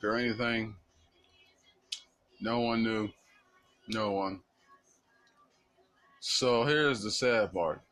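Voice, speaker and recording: A man's voice: lowish voice, fairly bright tone, rough recording. A man giving an impassioned, blunt monologue in casual speech with slang.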